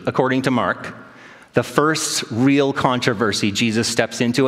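Man, 30s, pastor giving a self-deprecating sermon in a church, slightly high voice, long hall reverb. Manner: storytelling, self-deprecating, animated quoted voices.

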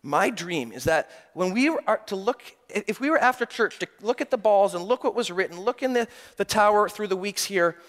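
A middle-aged man preaching a sermon, moving from loud, animated passages to hushed, quiet confession. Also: high-pitched, normal speed, few pauses. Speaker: pastor. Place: church sanctuary. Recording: long church reverb.

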